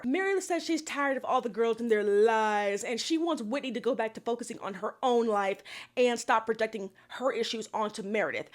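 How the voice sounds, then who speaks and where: A young woman giving a sassy, exasperated casual recap of a reality show, with profane asides. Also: a little high.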